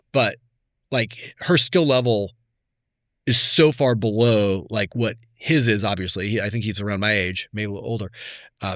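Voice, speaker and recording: A man in his fifties, a podcast guest, telling stories in a reflective, conversational way that often trails off softly. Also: medium pitch, no room sound, clean studio sound. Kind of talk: casual conversation.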